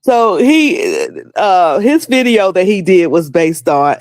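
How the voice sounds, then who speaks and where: A woman's voice: fairly low pitch, big pitch swings, slow pace, darkish tone, dry recording, studio quality. A woman with a North Carolina accent chatting casually on her livestream, rambling with many fillers and restarts. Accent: Southern US, North Carolina. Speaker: livestream host.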